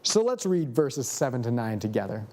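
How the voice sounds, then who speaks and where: In the middle of a sermon, a male preacher slows down to tell a story. His pitch rises and falls with energy, and he lets dramatic pauses hang between lines.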